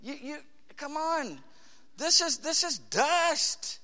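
A man preaching a dramatic sermon in a church, acting out voices and swinging between hushed tones and shouts. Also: extremely high pitch, sing-song, slow pace, in a large hall. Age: 30s.

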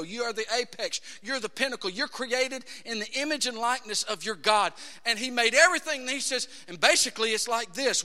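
High, bright-voiced preaching man. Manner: emphatic, rising to shouts, quotes scripture in acted voices. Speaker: pastor. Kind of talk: sermon. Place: church sanctuary. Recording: long hall reverb.

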